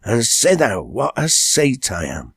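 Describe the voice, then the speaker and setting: A man voicing a jittery young village farmhand with a broad Lancashire accent, rambling excitedly. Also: mid-range voice, slow pace, husky, dry recording, clean studio sound, full character voice. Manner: rambling, excitable dialect tale.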